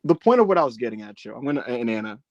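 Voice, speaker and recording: A man's voice: medium pitch, big pitch swings, very fast, dry recording, highs cut off. A man co-hosting a casual podcast, telling a wrestling story with feeling, swearing and acting out the quotes. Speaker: podcast co-host.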